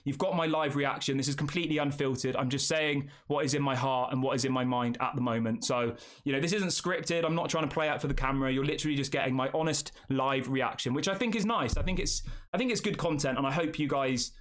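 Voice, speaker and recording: A man's voice: medium pitch, fast talker, hardly any pauses. A young man hosting a football news channel, reacting emotionally on a live stream and talking straight to his viewers. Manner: emotional, repetitive, addresses viewers as guys.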